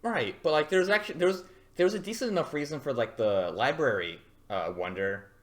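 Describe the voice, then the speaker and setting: A man's voice: a little high, animated, a little fast, fairly bright tone. A man co-hosting a casual anime podcast, blunt and profane, often breaking into laughter. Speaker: podcast co-host. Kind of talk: casual chat about anime.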